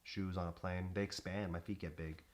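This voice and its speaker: A man's voice: low voice, flat delivery, normal speed, a little hiss or hum. A young man co-hosting a podcast, telling a rambling story in casual chat and often cutting himself off mid-thought. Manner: rambling, self-interrupting storyteller. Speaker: podcast co-host.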